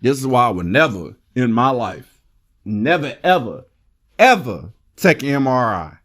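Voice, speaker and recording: A man reviewing a movie in casual chat, excitable and rambling, with lots of swearing. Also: mid-range voice, a little slow.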